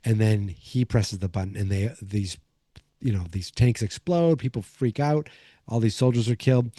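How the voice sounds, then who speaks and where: Dark-voiced man rambling through a recap. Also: on the low side, normal speed, dry recording, clean studio sound. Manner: rambling, many fillers and restarts. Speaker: podcast host. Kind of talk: casual episode recap.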